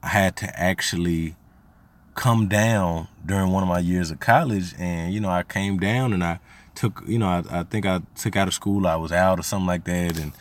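A man's voice: low voice, fairly even intonation, moderate pace. A man from Arkansas, hosting a podcast and telling family stories in a slangy, rambling way that turns heated when he is riled. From Arkansas, USA. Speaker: podcast host. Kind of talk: casual storytelling monologue.

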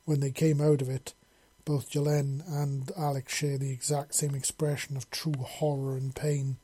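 A man narrating a story chapter in a steady, earnest reading voice. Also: medium pitch, moderate pace, slightly rough. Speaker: audiobook narrator.

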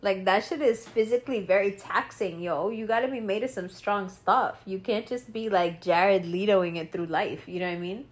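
A woman ranting in casual talk, animated and profane. She breaks into laughter and mocks people with quick impressions. Her pitch sits in the middle range. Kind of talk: casual rant about actors.

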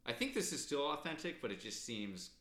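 A man's voice: medium pitch, very animated, fairly quick, fairly bright tone. A man co-hosting a podcast in casual chat, rambling and hedging a lot as he talks. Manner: rambling, hedging with "like" and "I don't know". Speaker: podcast co-host. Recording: roomy echo.

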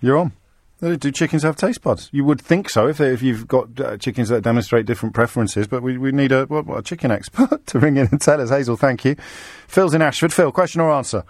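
Brief: male phone-in host, rapid and teasing, dry close studio sound. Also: medium pitch, no room sound. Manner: teasing, jokey. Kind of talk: quick-witted phone-in banter. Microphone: studio mic.

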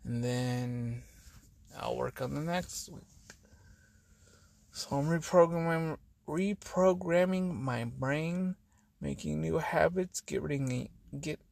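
A tired man hosts a podcast, rambling through a personal monologue full of sighs and trailing thoughts, his words sometimes running together. His voice is a little high with vocal fry and a darkish tone, and he speaks slowly. The recording is dry.

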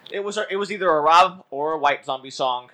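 Sarcastic bright-voiced man. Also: a little high, quick pace. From Houston area, Texas. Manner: sarcastic, profane storytelling. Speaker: podcast co-host. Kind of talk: casual chat.

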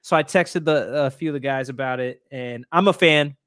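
A young man from Indiana chatting casually on a podcast, animated and joking with lots of fillers. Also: mid-range voice, normal speed, dry recording, studio quality. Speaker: podcast co-host. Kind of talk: casual chat.

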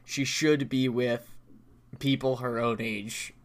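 A man's voice: medium pitch, fairly even intonation, slow pace. A man co-hosting a podcast, making dry jokes and laughing as he recaps an episode. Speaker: podcast co-host. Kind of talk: casual chat recapping a radio drama episode.

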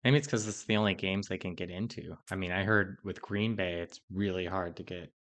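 A man with a very deep voice hosting a sports podcast. He speaks in a measured way and moves between topics with short "um" fillers. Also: fairly even intonation, a bit bright. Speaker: podcast host.

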